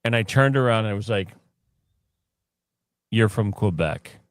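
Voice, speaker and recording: A man co-hosting a casual podcast, telling stories in an animated way, laughing often and mimicking other people. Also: on the low side, a little slow, no room sound. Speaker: podcast co-host. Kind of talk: casual chat.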